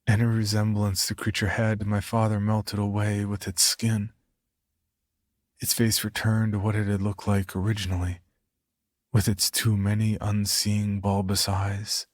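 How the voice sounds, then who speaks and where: A man reading a scripted horror story as narrator, in a measured, grave manner. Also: lowish voice, flat delivery.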